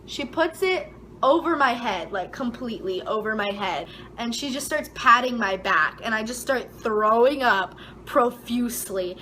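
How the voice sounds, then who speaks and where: A young woman vlogger spins a dramatic story in a casual, filler-heavy way. Her voice sits fairly high and bright, and it shoots up whenever she quotes herself. A faint hiss runs underneath. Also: rough recording. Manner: animated, dramatic retelling with frequent "like" fillers; voice jumps high and loud when quoting herself.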